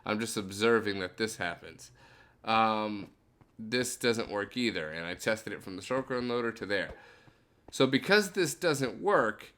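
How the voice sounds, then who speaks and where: A man's voice: fairly low pitch, lively intonation, a little slow, fairly bright tone. A young man giving casual gameplay commentary as a YouTuber, rambling and breaking into frustrated outbursts. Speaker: gaming YouTuber.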